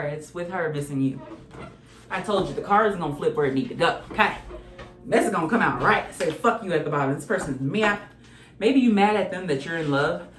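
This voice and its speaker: A woman's voice: on the low side, slight background noise. A woman giving a casual tarot card reading, talking bluntly with swearing and breaking into bits of song. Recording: echoey room with faint music.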